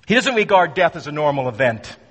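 A man preaching a sermon with dramatic swings between loud emphasis and hushed, low phrases. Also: big pitch swings, brisk, husky, in a large hall.

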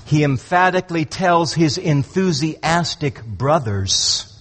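A man's voice: expressive, slow, fairly bright tone, husky, long reverb tail. A man preaching an expository sermon, emphatic and dramatic, often repeating a word before a phrase gets going. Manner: emphatic, repeats words when starting phrases; dramatic swings of pitch and volume.

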